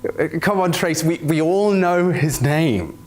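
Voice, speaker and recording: Man, flustered interviewer, stammers, slow, higher voice. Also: slight background noise. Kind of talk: comedy skit.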